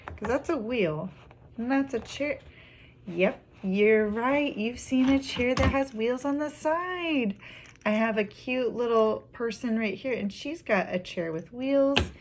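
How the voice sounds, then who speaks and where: Slow sing-song young woman teacher. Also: a little high. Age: young adult. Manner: slow, sing-song, drawing out words syllable by syllable. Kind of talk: classroom phonics lesson for young children. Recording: clear background noise.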